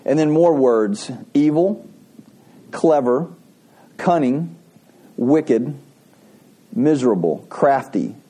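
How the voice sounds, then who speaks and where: A man's voice: mid-range voice, animated, takes it slowly, long pauses, dark tone, breathy edge. A man preaching a sermon, telling a folksy joke and asking the congregation questions. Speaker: pastor.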